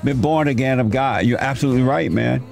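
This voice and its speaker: A man's voice: medium pitch, fast talker, creaky, soft background music. A man hosting a call-in show, affirming his caller with enthusiasm. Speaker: radio show host.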